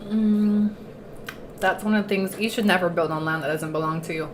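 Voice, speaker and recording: A woman's voice: fairly low pitch, moderate pace. A woman hosting a casual livestream, talking chattily while eating and mixing Spanish words into her English. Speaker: livestream host. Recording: echoey room, faint noise.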